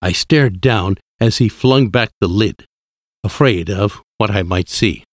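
Slow, low-voiced male storyteller. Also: dry recording, studio quality. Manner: slow, measured, clear reading. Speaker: narrator. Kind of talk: storybook narration.

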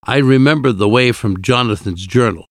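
With a medium-pitched voice at moderate pace, a man reads scripted audiobook narration in a steady, even way. The recording is dry, with clean studio sound.

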